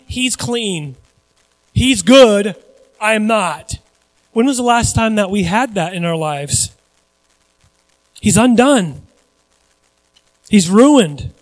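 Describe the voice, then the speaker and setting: Animated high-voiced male pastor preaching. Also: no echo, low-quality recording. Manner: animated, shifting between loud emphasis and quiet asides; acts out quoted voices. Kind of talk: sermon.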